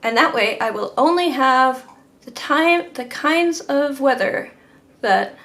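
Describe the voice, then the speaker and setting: A woman's voice: high voice, lively intonation, slow, fairly bright tone. A woman hosting a livestream while painting in her home art studio, chatting casually in a rambling, self-deprecating way. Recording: roomy room, faint background noise.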